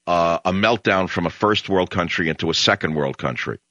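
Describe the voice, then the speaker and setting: Low, forceful sarcastic radio talk host man. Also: brisk, few pauses, no echo. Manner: combative, sarcastic ranting. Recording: dull lo-fi radio broadcast.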